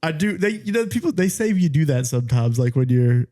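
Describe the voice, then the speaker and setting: Easygoing mellow-voiced man chuckling. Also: fairly high pitch, very animated, a little fast. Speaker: podcast co-host. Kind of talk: casual chat.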